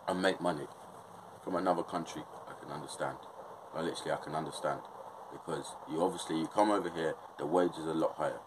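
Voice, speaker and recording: With a very deep voice against a noisy background, a young Englishman speaks casually and passionately, using frequent swearing and repeatedly asking "do you know what I mean." He has an English accent and comes from England.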